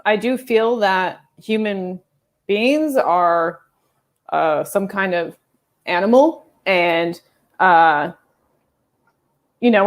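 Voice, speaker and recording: Slow, hesitant woman thinking aloud. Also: medium pitch. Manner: hesitant, many fillers and restarts. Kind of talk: casual discussion, thinking aloud.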